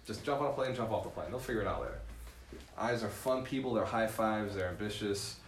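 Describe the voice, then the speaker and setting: A man giving a live seminar as a real estate mentor, lively and laughing often, tagging points with "right?". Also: fairly low pitch, a little fast, reverberant, a little hiss or hum. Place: room with a live audience.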